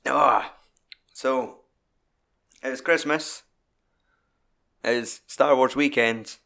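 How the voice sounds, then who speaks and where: A man's voice: medium pitch, steady tone, extremely slow, bright, forceful tone. A Scottish man hosting a podcast, chatting casually with sweary, jokey banter. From Scotland. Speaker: podcast host. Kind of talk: casual chat.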